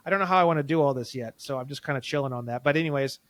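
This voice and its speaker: A man's voice: mid-range voice, rapid-fire, a bit bright. A man guesting on a podcast, telling a long story in a rambling, profane and indignant way. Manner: heated, indignant. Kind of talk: casual podcast conversation.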